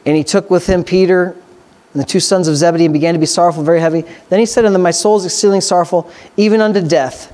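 A man preaching a sermon, reading scripture slowly and then breaking into loud, excited exhortation. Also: high-pitched.

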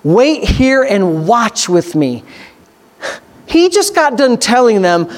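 High-voiced preacher, rising to excited. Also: male voice. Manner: swings from slow scripture reading to loud excited preaching. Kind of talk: sermon.

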